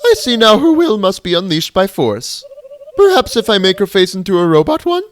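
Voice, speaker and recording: A player voicing a pompous computer queen from a game, in a booming, theatrical, strained high voice. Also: big pitch swings, a little fast, close to an everyday voice. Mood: imperious.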